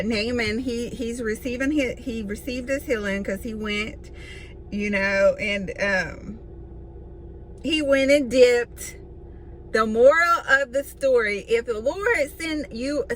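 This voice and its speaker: A woman's voice: a little high, fairly bright tone, a little hiss or hum. A woman hosting a casual Bible study, reading scripture and adding folksy, emphatic comments. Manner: conversational, folksy asides and emphatic repetition; reads scripture aloud then comments.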